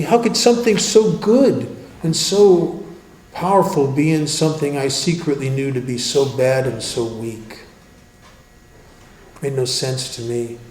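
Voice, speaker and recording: A man giving a twelve-step workshop talk, telling stories in a wry, joking, conversational way and dropping to a hush for emphasis. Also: mid-range voice. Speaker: recovery workshop speaker. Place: meeting hall. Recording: roomy hall with faint noise.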